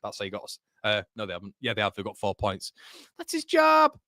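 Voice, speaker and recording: A young man hosts a live football watchalong and talks casually while reading out viewers' comments, often repeating himself. His voice is bright and forward, and the sound is dry and close. He sounds tired after hours of streaming. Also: lowish voice, little pitch movement, rapid-fire, no echo. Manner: chatty, reads out viewer comments; repeats words and restarts. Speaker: football channel host. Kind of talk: live match watchalong chat.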